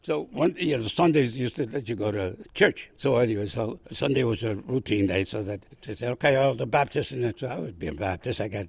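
Gravelly older man telling war stories. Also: mid-range voice, a little fast, few pauses, dry recording. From Puerto Rico. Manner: animated, chuckling, acts out others' lines. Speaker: war veteran guest. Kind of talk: casual storytelling.

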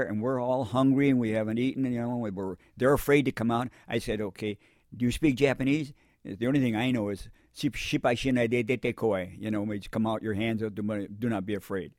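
A man's voice: medium pitch, darkish tone, no echo, clean studio sound. An older man, a Marine veteran, telling his war memories in an interview, rambling and repeating himself, acting out what people said. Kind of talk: oral history interview, storytelling.

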